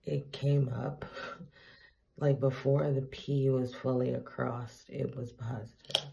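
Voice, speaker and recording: Woman, very gravelly voice, dark tone, tired and teary, candid casual vlog storytelling. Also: rumbling low, takes it slowly. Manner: candid, profane, animated retelling. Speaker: vlogger.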